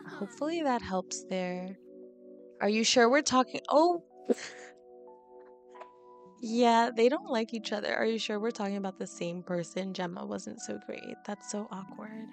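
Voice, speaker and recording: A woman's voice: medium pitch, moderate pace, creaky, soft background music. A young woman giving casual commentary over a life-sim game, giggly and reactive, laughing and exclaiming often. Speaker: let's play host.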